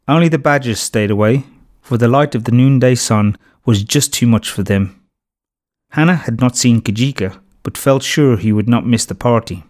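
Male narrator for a children's storybook, measured steady read, medium pitch. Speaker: audiobook narrator.

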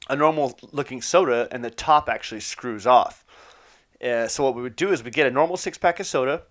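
A man tells a personal anecdote in a quick, loose, conversational way, dropping curses and fillers as he goes. His voice sits at an ordinary middle pitch, and he breaks into short laughs between beats. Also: a bit bright. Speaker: storyteller. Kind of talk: personal anecdote, casual storytelling.

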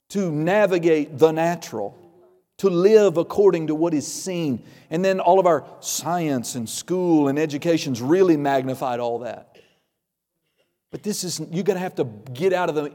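Male pastor, fairly high voice, lively sermon storyteller, church hall reverb. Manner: storytelling, acts out quoted voices, emphatic.

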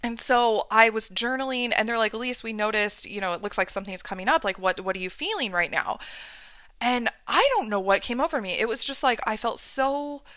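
A woman's voice: a little high, a little fast, pushed and bright, dry recording. A woman hosting a podcast, telling a personal story in a candid, emotional way. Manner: emotional, candid, reenacts her own outbursts. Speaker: podcast host.

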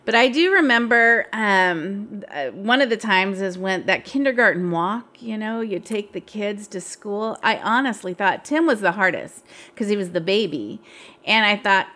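A woman's voice: mid-range voice, expressive, measured pace, sharp tone. A middle-aged woman, a pastor's wife and co-host, sharing personal stories in a candid, reflective way. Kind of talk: casual chat.

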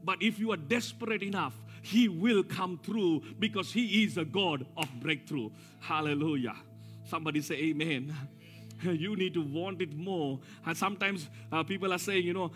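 A man, preaching a sermon as pastor, with call-and-response lines, swinging from shouts down to low asides. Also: moderate pace, soft background music. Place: church service.

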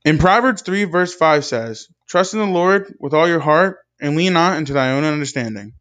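A young man giving a scripted devotional talk with an earnest, measured preaching cadence. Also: fairly high pitch, animated, fairly bright tone. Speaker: speaker in a devotional video.

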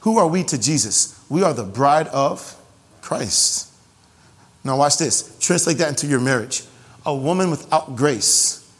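A man preaching a sermon to his congregation in an animated way, joking and repeating phrases for emphasis. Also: a little high, unhurried. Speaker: pastor. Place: church sanctuary. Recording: long hall reverb.

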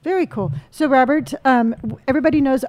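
A woman co-hosting a podcast in a casual family chat, chatty and quick to laugh. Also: high voice, darkish tone. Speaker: podcast co-host.

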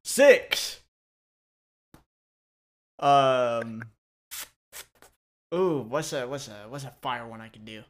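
A man's voice: medium pitch, slow pace, long pauses. A man co-hosting a podcast in casual chat, swearing often, laughing and rambling between thoughts. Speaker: podcast co-host.

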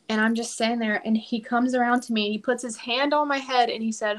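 A woman's voice: on the high side, fairly even intonation, quick pace, hardly any pauses. A woman guest on a podcast, telling a personal story in a casual, emphatic way and acting out quoted prayers.

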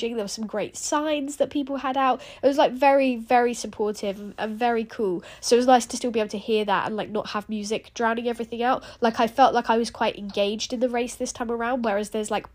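A woman's voice: fairly high pitch, darkish tone. A young woman hosting a running podcast, chatting casually and animatedly with lots of "like" fillers. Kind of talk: casual solo chat.

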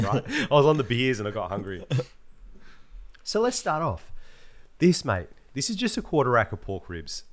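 A man co-hosting a podcast, chatting casually, laughing often and full of slang. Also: fairly low pitch. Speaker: podcast co-host. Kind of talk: casual chat.

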